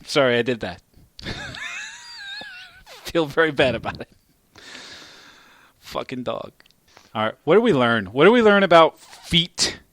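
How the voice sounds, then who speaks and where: A man hosting a podcast, telling a story in a casual, profane and animated way. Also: medium pitch, normal speed, pauses often, a little hiss or hum. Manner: profane, animated storyteller who gets loud at climaxes. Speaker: podcast host.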